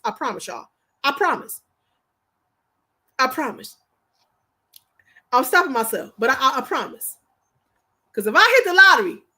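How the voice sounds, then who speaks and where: Woman, livestream host, casual talk, emphatic, repetitive, high-pitched. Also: a bit bright. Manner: emphatic, preachy, repeats herself.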